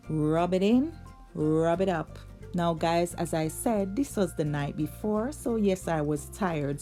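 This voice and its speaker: Woman, young, upbeat cooking vlog host, slow drawn-out delivery, faint music behind. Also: on the low side, a little mellow. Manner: upbeat, chatty, drawn-out words. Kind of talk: casual cooking vlog narration.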